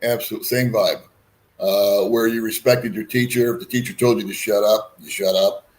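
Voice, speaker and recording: A man's voice: lowish voice, fairly even intonation, moderate pace, slight background noise. A man hosting a casual chat, talking in a rambling, frank way with folksy asides. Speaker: host.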